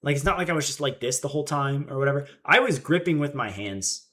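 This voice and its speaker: A young man in his twenties chatting casually on a livestream and telling an animated story, acting out the quotes. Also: medium pitch, fast. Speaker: streamer.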